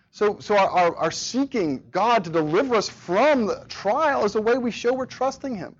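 A man's voice: high voice, expressive, normal speed, hardly any pauses, dull audio. A man teaching a church Bible study in an earnest sermon style, often repeating words as he restarts phrases.

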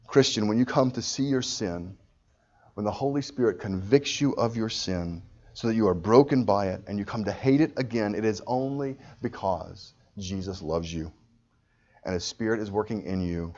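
A man preaching a sermon with passion, his voice swelling loud at high points. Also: moderate pace, highs cut off. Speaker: pastor.

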